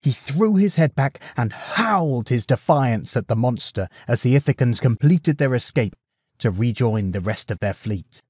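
A male storyteller reading a bedtime tale, expressive and animated. His voice sits at a middle pitch and sounds dry and close to the mic. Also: moderate pace, breathy edge, no echo.

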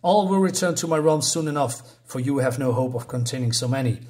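A man's voice: mid-range voice, fairly quick, darkish tone, lightly acted. A man voicing a bitter, neglected scorpion queen in a comic recap, grandiose and aggrieved.

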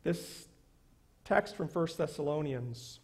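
Male pastor, high voice, unhurried sermon delivery, earnest and emphatic. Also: animated, a little mellow, breathy edge. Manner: earnest preaching with slow, emphatic repetitions. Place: church sanctuary.

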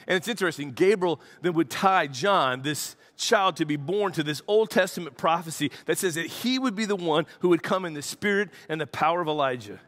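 A pastor delivers a sermon in a church, telling the story with animated energy. His voice sits a little higher than most men's. He acts out the quotes as he goes. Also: fairly quick, few pauses.

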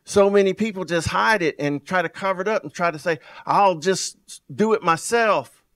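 Fervent preacher man, high-pitched. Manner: fervent preaching, repeats phrases, rhetorical questions; wide swings in loudness and pace, drawn-out emphasis. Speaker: pastor. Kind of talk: sermon.

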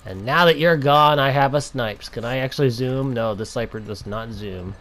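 A young man giving playful gameplay commentary, taunting enemies and breaking into drawn-out mock-dramatic shouts. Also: mid-range voice, a little hiss or hum.

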